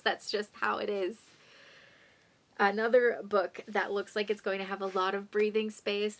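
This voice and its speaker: A young woman chatting casually about books for her vlog, self-deprecating and drifting into soft asides. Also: medium pitch, creaky. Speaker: book vlogger. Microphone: phone condenser mic.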